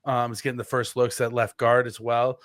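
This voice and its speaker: A man's voice: mid-range voice, level tone, moderate pace, fairly bright tone, no echo, clean studio sound. A man co-hosting a casual sports podcast, rambling with lots of fillers and restarts. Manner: rambling, filler-heavy, self-correcting. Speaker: podcast co-host.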